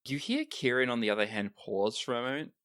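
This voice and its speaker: A game master narrating a tabletop role-playing game in a relaxed, descriptive way. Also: medium pitch, fairly quick.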